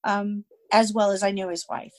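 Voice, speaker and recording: A woman's voice: mid-range voice, level tone, moderate pace, a little mellow. A woman guest telling a personal story in a conversational way, hesitant, with frequent fillers and restarts.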